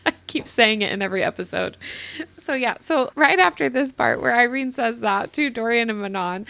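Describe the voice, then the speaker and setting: A woman's voice: a little high, moderate pace, vocal fry, pushed and bright, no echo. A young woman co-hosting a casual book club podcast, upbeat and fond in her comments. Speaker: podcast co-host.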